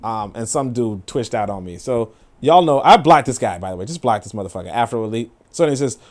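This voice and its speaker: A man's voice: medium pitch, expressive, quick pace. A young adult man hosting a casual, profane commentary stream and reading comments aloud. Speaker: show host.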